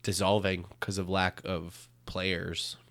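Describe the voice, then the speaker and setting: A man's voice: low voice, little pitch movement, slow pace, fairly bright tone. Rambling, jokey American man. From United States. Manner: rambling, jokey, laughs often. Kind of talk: casual chat.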